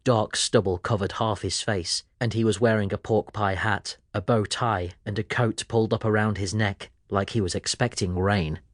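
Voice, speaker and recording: A man narrating a children's audiobook in a lively storytelling manner. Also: fairly low pitch, normal speed, hardly any pauses, no room sound, clean studio sound.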